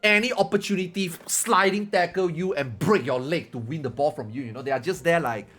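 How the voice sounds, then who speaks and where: A man's voice: fairly high pitch, brisk, fairly bright tone, faint music behind. A male gaming streamer giving a casual opinion rant, rambling, repetitive and emphatic.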